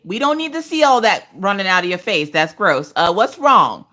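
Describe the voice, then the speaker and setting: A woman in her thirties hosting a livestream from her couch at home, chatting casually and telling animated stories, slipping into voices for the people she quotes. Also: mid-range voice, fairly quick, few pauses. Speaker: livestream host. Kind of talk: casual chat while crafting.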